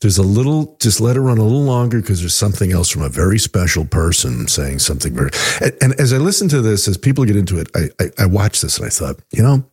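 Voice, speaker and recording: Very deep, husky man, mocking and profane. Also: quick pace, hardly any pauses. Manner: profane, mocking, stammers when excited. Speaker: podcast co-host. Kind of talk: crude casual commentary.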